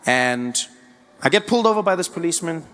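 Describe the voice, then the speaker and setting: Comedian telling a story. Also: male voice, on the high side, brisk. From South Africa. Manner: animated, stammering for effect. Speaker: stand-up comedian. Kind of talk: stand-up storytelling.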